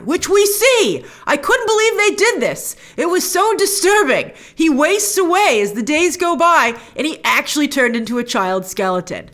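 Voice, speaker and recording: A woman hosting a show, recapping and reacting to a TV episode in casual chat, animated, slipping into quoted character voices. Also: high-pitched, moderate pace, hardly any pauses. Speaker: host reviewing a TV episode.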